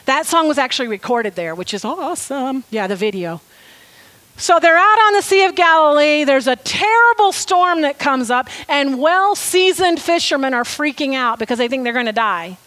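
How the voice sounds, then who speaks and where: A woman preaching a sermon, telling a story with lively, animated delivery and acting out quoted lines. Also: sits high, moderate pace.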